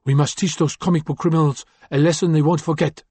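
A man's voice: a little high, fairly even intonation, quick pace, darkish tone, husky, dry recording, pitched above the performer's own voice. A man voicing a stern, imperious woman crime boss in her early thirties, with a faint French accent and a cold, commanding manner. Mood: angry. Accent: faint French (figure).

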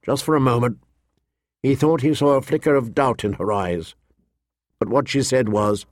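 A man narrates a fantasy audiobook from a script in an even, measured storytelling voice pitched in the mid range. The recording is studio quality with no room sound.

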